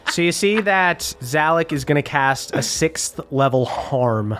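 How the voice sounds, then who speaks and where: A man narrating a tabletop game as game master, quick and often laughing. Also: fairly high pitch, lively intonation, music in the background.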